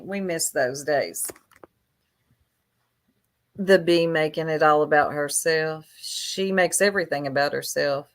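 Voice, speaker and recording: Her voice is low and a bit bright, stretched into an unhurried drawl as she dishes gossip during a casual livestream. Chatty and catty, she takes her time savoring each jab.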